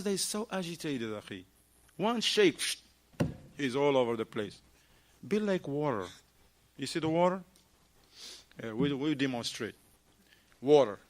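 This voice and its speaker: A man giving an animated talk at a mosque, firing rhetorical questions at the audience and acting out short dialogues. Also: fairly high pitch, unhurried, pauses often. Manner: acts out little dialogues in shifting voices. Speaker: mosque lecturer. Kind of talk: lively mosque talk on marriage.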